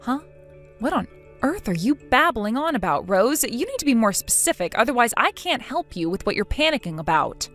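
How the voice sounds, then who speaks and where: Computer woman's voice as a mocking young wife, sarcastic, dismissive, lively pitch. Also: normal speed, soft background music. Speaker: daughter-in-law. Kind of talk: text-to-speech chat story.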